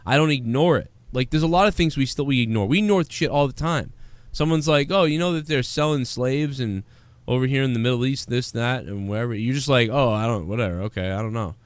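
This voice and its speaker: A man with a smooth, mid-range voice hosts a live stream a little fast, with no room sound. He chats casually, rambling and swearing, and reads out viewer donations.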